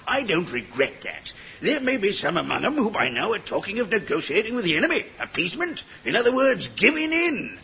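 Bombastic army major barking orders, gravelly, dull lo-fi old recording. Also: male voice, high voice, huge pitch swings, fairly quick, few pauses, a little hiss or hum, full character voice. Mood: rousing. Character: blustering, suspicious old army major, gung-ho. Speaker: army major commanding an isolated gun site. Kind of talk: comedy sketch acting.

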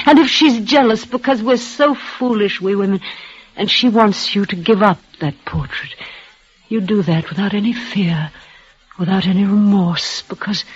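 An actress playing a frail, devoted young woman near death, speaking in a halting, breathless, emotional way in a 1940s radio play. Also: mid-range voice, husky. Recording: muffled old radio broadcast.

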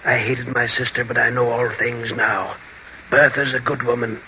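In a dull, lo-fi old radio recording from the 1940s, an actor plays the solemn ghost of a dead man returning to make amends. His medium-pitched voice is gravelly, solemn and hushed at times, with little pitch movement, normal speed, close to an everyday voice, and a little hiss or hum.

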